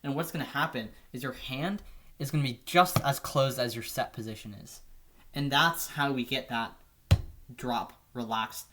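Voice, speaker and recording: A man teaching drum technique in a relaxed, casual way, often checking in with "right?". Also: medium pitch, normal speed, slight background noise. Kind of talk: casual instructional explanation.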